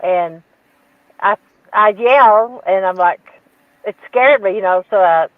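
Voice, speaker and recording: A woman's voice: medium pitch, takes it slowly, no echo. A woman telling a story as a guest on a call, acting out the dialogue and laughing at herself. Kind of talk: casual storytelling. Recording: dull, dry remote call audio.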